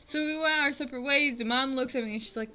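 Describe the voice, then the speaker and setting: A woman's voice: high-pitched, quick pace, sharp tone, low-quality recording. A young woman in her twenties from the US, rambling through a funny personal story to her vlog viewers, filler words throughout. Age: 20s. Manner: rambling, self-mocking, lots of "like" fillers. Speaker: vlogger. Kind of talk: casual storytelling to camera.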